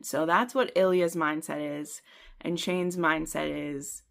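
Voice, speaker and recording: Woman, book vlogger, casual rambling chat, gravelly low voice. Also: flat delivery, slow pace. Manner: chatty, rambling, many fillers; laughs at herself often.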